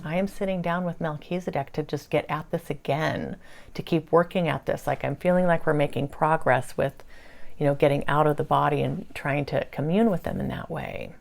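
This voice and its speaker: Halting, earnest woman with a slightly low voice, recapping channeled conversations in a casual weekly video. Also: gravelly, a little mellow. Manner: halting, repeats 'I said' while relaying dialogue. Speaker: spiritual channeler giving a weekly briefing.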